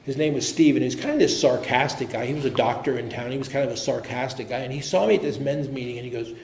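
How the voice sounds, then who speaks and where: Brief: American man, mid-range pitch, earnest and halting, recovery talk in a roomy hall with faint hiss. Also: darkish tone. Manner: earnest, halting, with frequent restarts. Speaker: AA speaker. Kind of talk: personal recovery story. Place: meeting hall. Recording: echoey room with faint noise.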